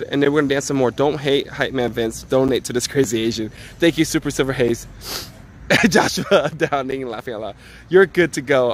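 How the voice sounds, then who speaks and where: Man, fairly high voice, loud joking streamer on a phone outdoors, light street noise behind. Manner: joking, loud, excitable banter. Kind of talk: casual live-stream chat. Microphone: handheld phone.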